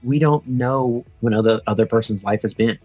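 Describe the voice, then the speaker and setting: A man in his forties tells a story as a podcast guest in a lively, casual way. He acts out the dialogue by pushing his voice up high, then drops back to a mid-pitched telling voice. The sound is close and dry, with no room around it. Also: moderate pace, husky, no room sound, soft background music. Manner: animated, acts out dialogue in a raised voice. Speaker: podcast guest, retired pro cyclist.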